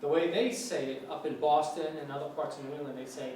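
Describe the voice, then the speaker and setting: A man's voice: fairly high pitch, fairly even intonation, a little fast, a little mellow. A middle-aged man teaching an informal English lecture, chatty and asking students questions. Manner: chatty, asks the audience questions, imitates regional accents. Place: lecture hall. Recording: echoey hall from far off, faint noise.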